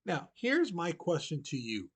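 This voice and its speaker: Chatty male history teacher, slightly high. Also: wildly swooping pitch, a little slow. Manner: casual, chatty, many fillers like "you know"; asks the students direct questions. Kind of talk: recorded online lesson.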